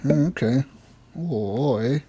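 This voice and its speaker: A man's voice: medium pitch, slow, dark tone, husky. Rambling podcast host, casual man. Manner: rambling, swears, laughs often. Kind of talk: casual gaming podcast chat.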